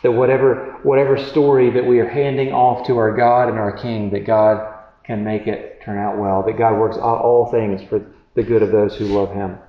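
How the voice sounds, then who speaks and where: A man preaching a sermon in a conversational way, often halting and restarting as he reads and comments on scripture. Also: on the low side, level tone, reverberant, lo-fi sound. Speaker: pastor.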